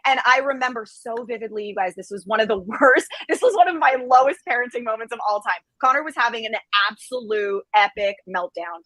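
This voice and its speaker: A woman guest on a parenting podcast, telling a story in an animated, self-deprecating way and laughing as she goes. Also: a little high, a little fast, hardly any pauses, dry recording, low-quality recording. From Israeli family. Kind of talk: casual storytelling.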